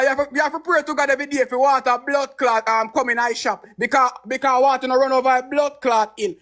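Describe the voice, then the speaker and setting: Taunting Jamaican man, very high voice. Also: fairly even intonation, quick pace, hardly any pauses, bright, forceful tone. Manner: taunting, chants insults. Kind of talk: live-stream chat.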